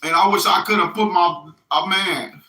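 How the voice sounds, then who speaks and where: A middle-aged man talks through a loose, profane spiritual monologue, stopping over and over to ask if you hear him. His voice sits high and cuts sharp and bright. The sound bounces around an echoey room. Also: normal speed. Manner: rambling, profane, keeps asking "you hear me?". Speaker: self-styled religious messenger.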